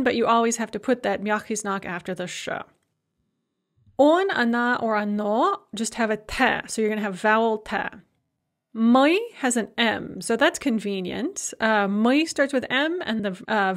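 Methodical woman lecturing on grammar. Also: on the high side. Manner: explanatory, methodical, with frequent "uh" fillers. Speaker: Russian language lecturer.

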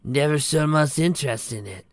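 A man voicing a friendly young mare who works at a club, talking slowly and easily in a read-aloud pony story. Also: fairly high pitch, no echo, studio quality, pitched above the performer's own voice, close to an everyday voice. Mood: easygoing. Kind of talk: fan fiction read aloud.

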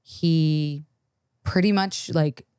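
A woman with a fairly low voice, talking as a podcast guest in loose, animated chat. She swears freely and acts out bits of dialogue as she tells a story. The recording is close and dry, with no room sound. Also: drawn-out words, clean tone, no echo. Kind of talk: casual chat.

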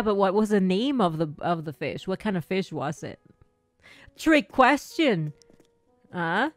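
A woman streaming a game live, teasing her viewers as a mock-strict teacher and laughing along the way. Her voice sits at an ordinary middle pitch and sounds close and dry, with soft game music playing underneath. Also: no echo. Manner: playful, teasing, laughs often. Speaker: gaming streamer.

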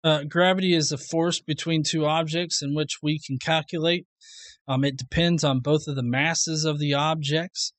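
A man's voice: a little high, fairly even intonation, normal speed, fairly bright tone, no echo. A man hosting a reaction commentary video, sarcastic and profane, laughing often at what he responds to.

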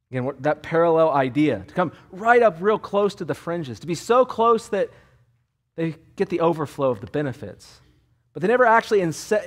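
Emphatic pastor preaching, slightly high voice. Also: male voice. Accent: Californian English. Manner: emphatic, repeats key words, varies loudness. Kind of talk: expository sermon.

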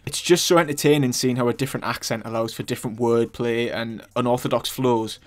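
A man's voice: medium pitch, fairly even intonation, brisk. A young man from Newcastle with a Geordie accent, hosting a music channel in casual, opinionated commentary with filler ums. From Newcastle upon Tyne, England.

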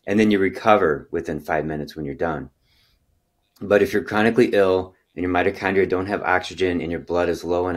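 A middle-aged man, a chiropractor hosting a health interview, explaining at length and telling stories with bursts of excitement and quiet trailing asides. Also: deep voice. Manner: animated storyteller, lively when excited, trailing off into quiet asides. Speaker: chiropractor and health podcast host.

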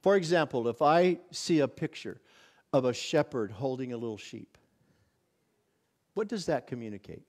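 Lively, animated man teaching church. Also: medium pitch, moderate pace, long pauses. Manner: conversational, many restarts and acted-out inner exclamations. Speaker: visiting pastor. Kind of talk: casual teaching at a church workshop.

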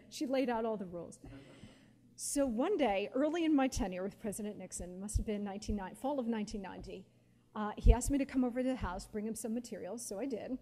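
A woman in her forties, a guest speaker telling stories at a live question-and-answer session, animated and laughing often with lots of casual fillers. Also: fairly high pitch, quick pace. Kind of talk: storytelling at a live Q&A.

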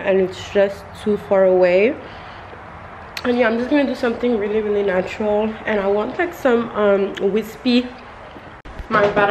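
A woman's voice: medium pitch, background noise. A young woman chatting casually in her beauty vlog, rambling and often calling out to her viewers. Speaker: beauty vlogger.

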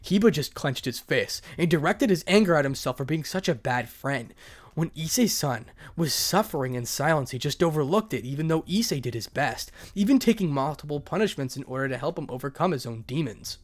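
A man narrates a story aloud in a dramatic reading, now and then stumbling over a word. His pitch swings widely and sits a little high for a man. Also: expressive, fairly quick.

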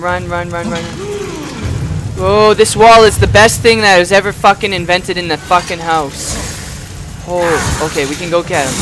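High-voiced man yelling over game music. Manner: loud, excitable, swearing and yelling at the game. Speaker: gamer. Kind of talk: let's play commentary. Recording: music playing underneath.

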